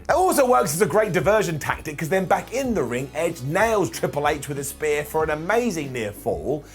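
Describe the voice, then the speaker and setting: A young man giving a jokey, animated retro wrestling review voice-over, quoting wrestlers in quick asides. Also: fairly high pitch, faint music behind.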